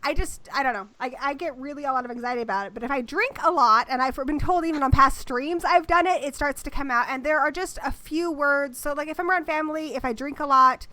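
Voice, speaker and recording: A woman from Britain hosting a casual livestream chat, with an American accent that carries traces of British and a fast, chatty way of talking. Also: sits high, bright, forceful tone, no echo. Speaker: host.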